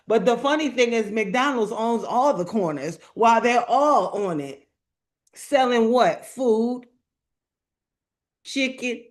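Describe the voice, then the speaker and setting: Slow, emphatic woman preaching to a live chat. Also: fairly high pitch. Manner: slow, emphatic, repeats phrases, colloquial, calls out chat. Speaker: motivational speaker. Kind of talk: preaching to an online live audience.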